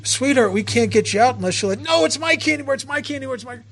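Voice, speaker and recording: A man's voice: very high voice, expressive, quick pace, fairly bright tone, slight background noise, pitched above the performer's own voice, exaggerated voice. A man voicing a stubborn little girl of three or four, whining and insisting over and over. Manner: whiny, insistent repeating.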